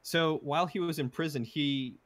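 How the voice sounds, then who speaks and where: A man chatting casually about a film he just watched while doing a jigsaw puzzle with a friend, recounting scenes in a relaxed way. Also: on the high side, moderate pace. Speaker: co-host.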